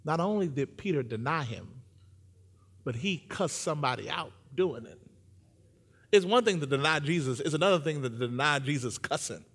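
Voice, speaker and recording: A man preaching a sermon, joking with the congregation and building to loud, sung-out emphasis. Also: on the high side, normal speed, slightly rough, long reverb tail. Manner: humorous, animated, builds to shouting.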